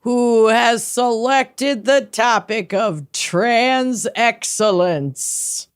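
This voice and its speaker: A woman's voice: a little high, extremely slow, smooth. A woman co-hosting a podcast in casual, blunt chat, swearing and laughing often. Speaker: podcast co-host.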